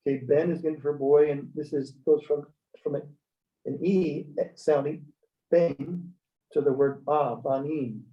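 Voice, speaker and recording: Recorded distantly in a roomy church classroom with dull, lo-fi sound, a Hebrew teacher gives a lecture to beginners. His voice is a little high and fairly even, his pace a little slow, and he's chatty, saying "okay?" after each point and having the class repeat after him.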